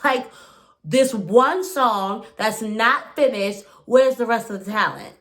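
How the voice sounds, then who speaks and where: Her voice runs on the high side as she rattles off an animated, informal reaction recap of a reality show. She speaks fast, full of filler words and tangents.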